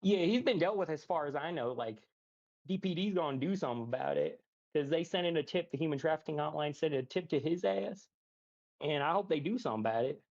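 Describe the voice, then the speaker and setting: A male caller on a voice call to a stream, talking in a rushed, calming way with many fillers. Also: on the high side. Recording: dull lo-fi call audio.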